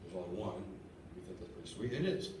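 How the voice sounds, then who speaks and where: A man's voice: on the low side, big pitch swings, fast. Earnest man preaching in an echoey church. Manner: earnest and conversational, stammers and repeats words. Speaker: lay preacher. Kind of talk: sermon. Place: church sanctuary. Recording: echoey church room from far off, faint hiss. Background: congregation responding.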